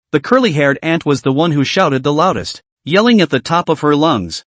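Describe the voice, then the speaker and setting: Animated, lively male story narrator. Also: on the high side, normal speed, few pauses, no room sound. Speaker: recap narrator.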